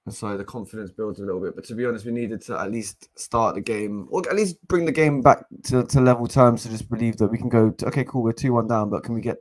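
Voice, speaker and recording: A young man giving casual live match commentary as a fan co-host, excitable and exasperated, with frequent restarts. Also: medium pitch, fast talker, hardly any pauses. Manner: excitable and exasperated, swears, repeats and restarts phrases.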